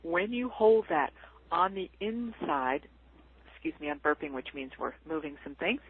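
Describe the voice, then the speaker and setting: A woman's voice: low-pitched, animated, moderate pace, breathy edge. A woman spiritual healer talking casually and animatedly, laughing often and acting out the voices she quotes. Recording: tinny phone line.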